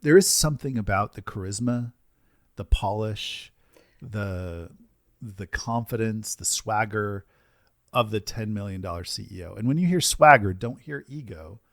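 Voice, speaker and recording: A man hosting a business podcast, talking in an energetic, emphatic way and often tagging his points with "right?". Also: on the low side, a little slow, no echo, studio quality. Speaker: podcast host and business coach. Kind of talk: casual podcast conversation.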